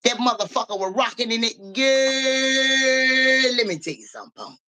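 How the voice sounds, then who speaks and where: A young woman live-streaming as a psychic reader, telling a story in animated, profane casual talk and speaking straight to her viewers. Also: sits high, moderate pace.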